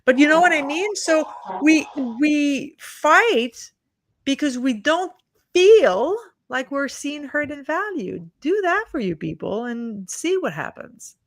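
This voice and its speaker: A woman, a leadership expert telling stories in a sarcastic, animated way on a video call. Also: sits high, takes it slowly, no room sound. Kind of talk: casual chat on a livestream.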